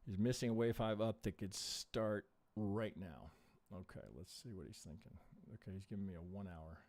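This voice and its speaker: A live stream host and trading analyst reviews charts in a fairly low, steady, slightly mellow voice at a moderate pace. He mutters to himself, poses rhetorical questions, and swears softly out of frustration.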